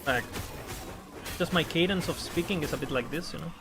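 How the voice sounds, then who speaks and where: A man's voice: a little high, fairly quick, gravelly, over music. A young man casually commentating his own game stream, often stammering and repeating words, swearing now and then.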